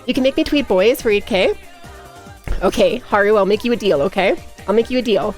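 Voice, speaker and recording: A woman's voice: medium pitch, animated, a little fast, darkish tone, faint music behind. A woman chatting casually on a livestream, giggly and playful. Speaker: streamer.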